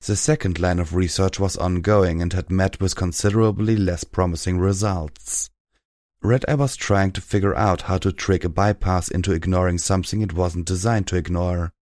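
A deep-voiced man reads a first-person story aloud with steady, dramatic storytelling. The recording is dry and close, with no room sound. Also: no echo. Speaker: audiobook narrator. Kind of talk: first-person fan fiction reading.

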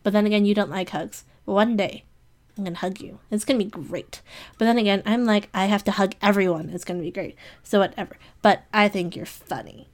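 A woman's voice: mid-range voice, brisk. Gushing, rambling woman, sniffling. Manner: gushing, affectionate, giggly, rambling. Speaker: community member giving shout-outs. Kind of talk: rambling casual monologue.

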